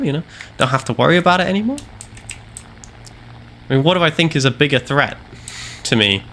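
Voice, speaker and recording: Bright-voiced man streaming a game. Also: a little high. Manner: theatrical, self-mocking, swings into loud mock-heroic outbursts. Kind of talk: live gameplay commentary. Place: home gaming room. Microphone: headset.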